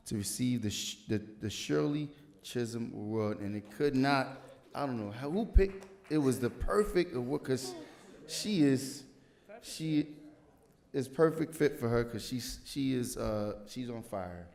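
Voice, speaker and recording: A man's voice: mid-range voice, expressive, a little slow, gravelly. A man, a city councilman, reading an award proclamation at a civic ceremony and breaking it up with joking asides to the audience. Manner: joking, warm-hearted emcee patter between formal reading.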